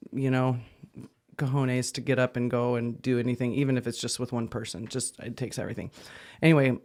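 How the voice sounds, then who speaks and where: An anxious man co-hosting a podcast, telling stories in an animated way, laughing often and jumping up in pitch when worked up. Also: clean tone. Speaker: podcast co-host. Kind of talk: casual chat.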